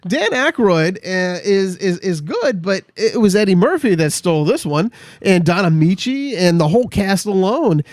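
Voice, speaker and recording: A man's voice: sits high, sing-song, no echo, clean studio sound. A middle-aged man co-hosting a casual movie chat, stumbling through restarts and acting out favorite scenes. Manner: halting, many restarts, acts out movie lines. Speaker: podcast co-host.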